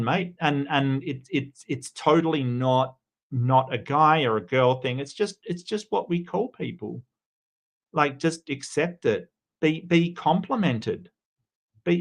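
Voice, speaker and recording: An Australian man talks casually on a livestream in a mid-pitched voice. He rambles loosely, restarts his sentences often and greets viewers by name between comments. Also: fairly bright tone. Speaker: livestream host.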